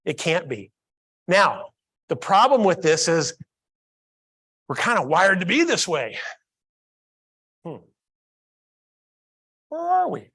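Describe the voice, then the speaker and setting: A man's voice: fairly high pitch, a bit bright. A man giving a storytelling keynote at a workplace training session, often asking the audience questions. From Columbus, Ohio.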